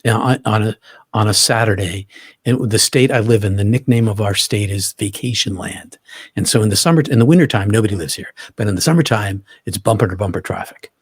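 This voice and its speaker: A man's voice: lowish voice, brisk, breathy edge, dry recording, studio quality. A middle-aged man, a guest in an interview, earnestly retelling a personal experience in vivid detail, often restarting his sentences.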